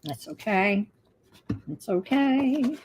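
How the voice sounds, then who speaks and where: A woman's voice: mid-range voice, expressive, slow pace, background noise. An older woman hosting a crafting livestream, chatting casually and muttering to herself as she works. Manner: talks to herself while working, muttering asides.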